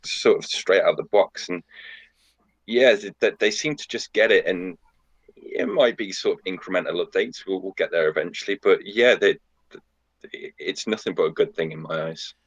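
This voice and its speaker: A man in casual podcast chat, upbeat and hurried when excited. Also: low-pitched, slightly rough, no room sound, muffled recording. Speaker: podcast guest.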